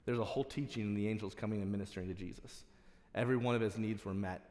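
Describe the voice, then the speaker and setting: A man's voice: on the low side, steady tone, racing, a little mellow. Man preaching in a reverberant church. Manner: passionate, builds to emphatic exhortation. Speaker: pastor. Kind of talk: sermon. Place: church sanctuary. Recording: long reverb of a church hall.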